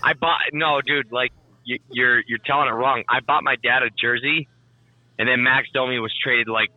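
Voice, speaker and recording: A man co-hosting a casual podcast chat, telling stories in a profane, animated way. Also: medium pitch, normal speed, dry recording, lo-fi sound. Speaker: podcast co-host.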